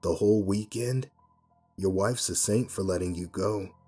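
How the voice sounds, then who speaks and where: A man's voice: sits low, normal speed, mellow, husky, faint music behind. A man voicing a polite, unsettling stranger. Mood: probing. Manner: polite, oddly enthusiastic, probing. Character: polite, unsettling well-dressed male stranger.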